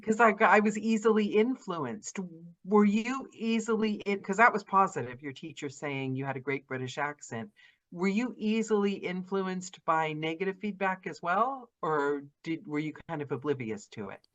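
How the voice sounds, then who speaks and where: A woman hosting an interview podcast, enthusiastic and effusive, asking questions in quick runs. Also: on the low side, expressive, fairly bright tone, dull audio. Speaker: podcast host. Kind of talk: casual interview chat.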